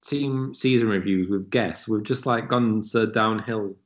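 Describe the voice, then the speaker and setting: A man's voice: on the low side, unhurried. A man co-hosting a podcast in a chatty, self-mocking way. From Yorkshire, England. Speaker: podcast co-host. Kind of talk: casual sports chat.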